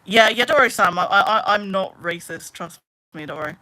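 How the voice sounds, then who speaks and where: Bright-voiced woman ranting on a live stream. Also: mid-range voice, fairly quick. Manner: ranting, exasperated, talks straight to chat. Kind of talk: casual live-stream chat, reading viewer comments.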